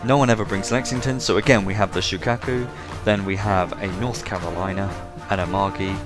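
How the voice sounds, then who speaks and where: A low-voiced English man hosts a casual commentary over a game replay. He keeps it chatty and slips in joking asides as he talks through the action. Music plays clearly beneath his voice the whole time. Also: steady tone, brisk. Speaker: game commentator and show host.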